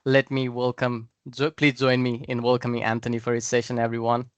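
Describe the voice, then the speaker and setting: A man's voice: mid-range voice, monotone, brisk, smooth, no room sound, muffled recording. A man hosting an online conference, introducing the next speaker with thanks over a video call. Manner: grateful, welcoming. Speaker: event host.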